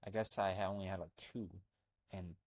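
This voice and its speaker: A man's voice: low voice, fairly even intonation, normal speed, dry recording. A young man from Albania, working as a health coach, talking bluntly in a rambling casual monologue full of fillers, recorded on a close mic.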